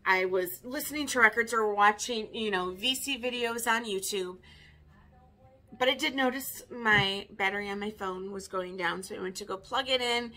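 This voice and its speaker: A woman's voice: mid-range voice, normal speed, bright, forceful tone. A woman in her fifties, a record collector chatting casually in a vinyl tag video, wry and self-mocking. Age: 50s.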